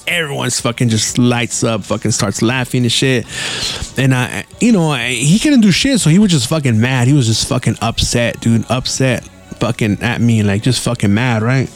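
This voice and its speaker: A man's voice: mid-range voice, lively intonation, normal speed. A man hosting a podcast, telling rambling stories with heavy swearing and laid-back slang. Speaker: podcast host. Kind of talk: casual storytelling.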